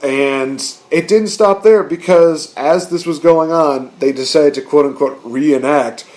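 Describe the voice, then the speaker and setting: A man hosting a podcast, chatting excitedly, laughing and rambling as he recaps. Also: a little high, a little slow. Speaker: podcast host. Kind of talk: casual chat.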